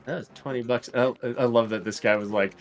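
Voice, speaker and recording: A man's voice: medium pitch, steady tone, quick pace. A young man co-hosting a gaming show in casual chat, rambling with enthusiasm and many fillers.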